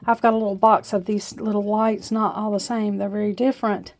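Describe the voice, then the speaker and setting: A woman's voice: mid-range voice, little pitch movement, brisk, darkish tone, dry recording. A woman at home in her kitchen with an Appalachian accent, chatting homily through her decorations in a casual vlog. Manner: homey, chatty, with frequent uh fillers. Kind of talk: casual show-and-tell vlog.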